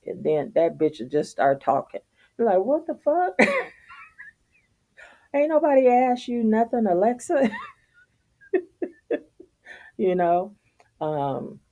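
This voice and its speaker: A middle-aged woman telling a story in a casual, profane, animated rant, laughing as she goes. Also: sits low, creaky. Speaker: vlogger.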